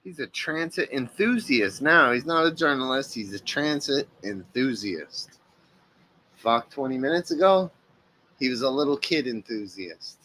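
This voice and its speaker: A man's voice: medium pitch, lively intonation, measured pace, sharp tone, slight background noise. A man hosting a reaction video, talking over clips with profane, sarcastic taunts. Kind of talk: mocking commentary over clips.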